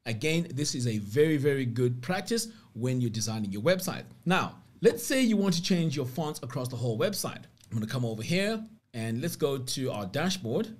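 Lively man walking through a tutorial. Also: mid-range voice, moderate pace. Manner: step-by-step instructional, upbeat about features. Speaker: web design tutor. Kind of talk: screen-recorded software tutorial.

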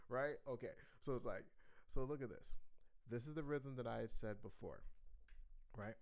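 A man teaching an online music lesson in a playful, animated way, chanting rhythms aloud. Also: medium pitch, moderate pace, long pauses.

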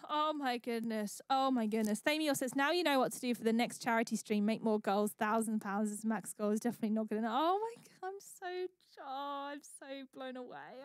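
A woman's voice: on the high side, no room sound, clean studio sound. A woman hosting a charity livestream, gushing and effusive as she thanks viewers one by one. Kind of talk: live stream chat thanking donors.

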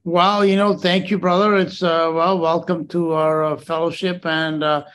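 A man hosting an online fellowship, answering callers in a calm, reassuring way with many fillers. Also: on the high side, normal speed, smooth. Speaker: fellowship host. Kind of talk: warm pastoral chat.

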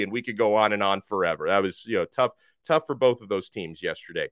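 A man's voice: on the low side, lively intonation, fast talker, few pauses, fairly bright tone, dry recording, studio quality. A man hosting a sports podcast, reading listener tweets aloud and reacting frankly in a casual, chatty way. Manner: frank, conversational, reacts with laughs. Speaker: podcast host.

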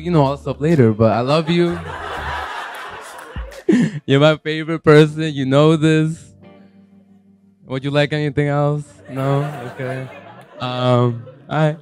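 A young man giving a halting, joking, emotional groom's speech into a handheld mic in a reception hall. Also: a little high, faint music behind. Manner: halting, joking, chokes up, self-deprecating.

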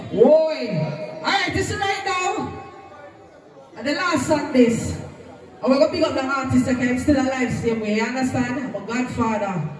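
A man's voice: very high-pitched, moderate pace. A man at a sound clash telling stories in patois banter. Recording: very echoey live venue from a distance. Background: music and crowd.

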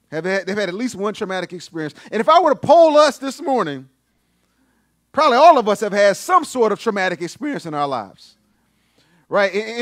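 A man preaching a sermon as pastor, animated and emphatic, repeating his phrases for stress, in a church sanctuary. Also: high voice, no room sound, studio quality.

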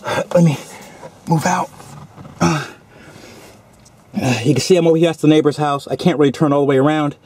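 A man's voice: fairly high pitch, steady tone, normal speed, long pauses, a little mellow, slight background noise. A man vlogging a car audio demo outdoors, talking loosely and casually while he works, a little out of breath, on a handheld camera mic. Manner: loose, chatty, explaining while working. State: slightly out of breath. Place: outdoors by a car on a sunny street.

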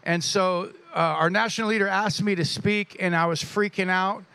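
Pastor, male, fairly high-pitched, lively church intro and prayer, dry close mic. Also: moderate pace, vocal fry, clean tone, dry recording. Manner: animated storytelling with laughs. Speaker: pastor introducing a guest speaker.

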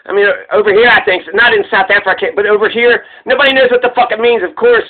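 Man, very high voice, rambling, profane, joking, tinny phone-like sound. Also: steady tone, quick pace. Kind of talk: casual tribute commentary.

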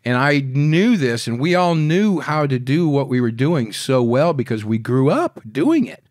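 A man in his sixties, a podcast guest telling wild stories in a rambling, profane, animated way. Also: mid-range voice, a little slow, no room sound, clean studio sound. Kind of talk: casual storytelling interview.

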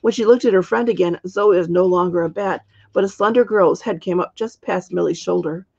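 Gravelly-voiced woman reading a storybook. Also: fairly low pitch, no room sound, dull audio. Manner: steady, measured narration. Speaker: author reading her book.

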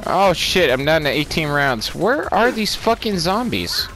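A man's voice: fairly high pitch, sing-song, unhurried. A man chatting casually and joking with profanity while he plays a game. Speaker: gamer. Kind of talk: casual gameplay chat.

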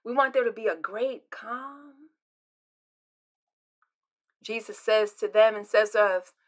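An older woman pastor giving a devotional sermon, delivered expressively, with her voice swinging from loud emphasis to hushed near-whispers. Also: medium pitch, takes it slowly, long pauses.

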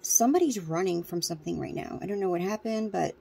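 Breathless, gravelly woman tarot reader. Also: on the low side, expressive, fast talker, mellow. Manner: rambling, restarts often. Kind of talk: casual chat to viewers.

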